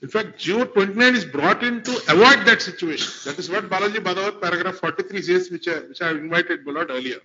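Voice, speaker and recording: A man's voice: high voice, lively intonation, fast, hardly any pauses, bright, forceful tone, slight background noise. A man arguing formally before a court as an advocate, deferential and constantly addressing the bench. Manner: formal, deferential, repeats "my lord" often. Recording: dull lo-fi courtroom recording.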